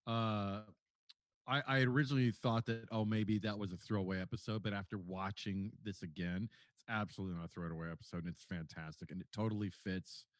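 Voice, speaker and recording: A man's voice: lowish voice, fairly even intonation, fast talker, no room sound, clean studio sound. A man co-hosting a podcast, gushing about a TV show, swearing freely and stumbling over restarts. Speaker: podcast co-host. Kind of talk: casual chat.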